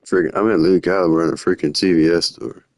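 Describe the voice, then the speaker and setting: A young man talks on a live stream, wandering loosely from one story to the next in casual slang. His voice sits very low. The sound is dry and close, with no room around it. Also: fairly even intonation, quick pace, a little mellow, no echo. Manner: rambling, slangy, drifting storytelling. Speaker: livestreamer. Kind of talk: rambling live-stream chat.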